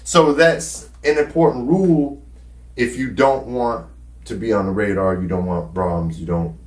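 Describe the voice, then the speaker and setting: A man's voice: lowish voice, fairly even intonation, normal speed. A man casually telling his own story, candid and profane, rambling with fillers. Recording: roomy echo.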